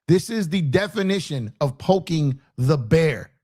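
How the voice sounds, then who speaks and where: A man's voice: on the high side, lively intonation, a little slow, few pauses, darkish tone. A man hosting a sports show, ranting in fired-up fan commentary, repeating himself for emphasis and taunting rival fans. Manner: reads out viewer super chats.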